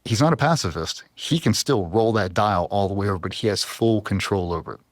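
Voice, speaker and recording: Casting: low-voiced man, podcast guest, earnest and intense storytelling, dry studio sound. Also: lively intonation, brisk, no echo. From US East Coast. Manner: intense, heartfelt, emotional. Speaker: podcast guest, former Navy SEAL.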